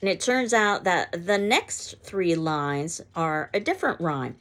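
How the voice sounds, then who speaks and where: Low-voiced woman teaching poetry. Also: animated, a bit bright. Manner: reads verse aloud slowly and steadily, explains step by step. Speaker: literature teacher. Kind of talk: recorded lecture on poetry.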